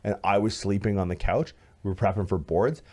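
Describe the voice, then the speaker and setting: Guy in his 30s telling a wild story on a podcast, kinda low voice, swears a lot. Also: a little fast. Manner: animated, swearing, acts out quoted voices loudly. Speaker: podcast co-host. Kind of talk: casual storytelling chat.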